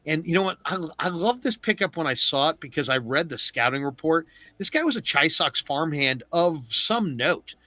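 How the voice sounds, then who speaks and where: Middle-aged male sports talk host, bright tone, dry close mic, storytelling recap. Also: fairly high pitch, moderate pace, hardly any pauses, no room sound. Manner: animated storyteller, acts out quotes. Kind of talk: casual postgame recap.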